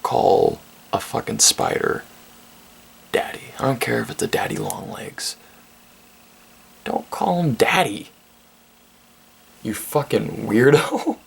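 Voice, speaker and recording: Gravelly young man rambling about a movie. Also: mid-range voice, wildly swooping pitch, slow pace, pauses often. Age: 20s. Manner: rambling, profane, laughs often, many restarts. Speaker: vlog host reviewing a movie. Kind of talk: casual comedic movie recap.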